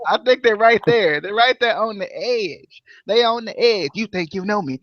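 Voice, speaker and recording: Podcast co-host, male, high voice, jokey and animated, muffled dry recording. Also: normal speed, no room sound. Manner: playful, jokey, sing-song chants. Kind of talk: casual chat, football picks.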